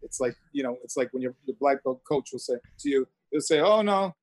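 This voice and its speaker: A man's voice: mid-range voice, little pitch movement, a little fast, a little mellow, breathy edge. A man talking as a guest over a video call, reflective and motivational. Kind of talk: casual interview talk.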